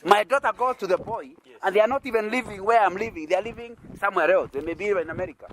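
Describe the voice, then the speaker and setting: A man's voice: high-pitched, rapid-fire, a bit bright. A man with a Kenyan accent, from Kenya, preaching an interactive sermon. He keeps checking in with his listeners through rhetorical questions and chuckles.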